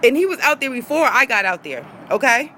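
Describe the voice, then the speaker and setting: A woman's voice: sits high, big pitch swings, brisk, pushed and bright, slight background noise, poor audio. A woman, a vlogger in an angry rant to her viewers, heated, profane and repeating herself.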